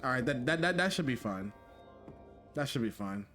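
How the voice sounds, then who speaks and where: A man streaming a game live, talking to his chat in a jokey, excitable way and repeating himself when flustered. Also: mid-range voice, moderate pace, soft background music. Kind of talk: live gameplay commentary.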